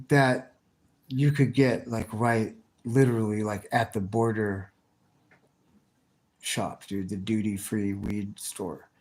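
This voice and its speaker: A man's voice: lowish voice, fairly even intonation, slow. A man live streaming, chatting casually with his viewers and answering their comments in a rambling, slang-heavy, profane way with many restarts.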